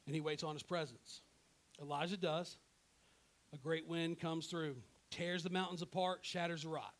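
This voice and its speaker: A man's voice: fairly high pitch, moderate pace. A pastor preaching a sermon in a casual, conversational way, acting out the people in his story and checking in with "right?". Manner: animated, acts out characters in his own voice; conversational, often asks "right?".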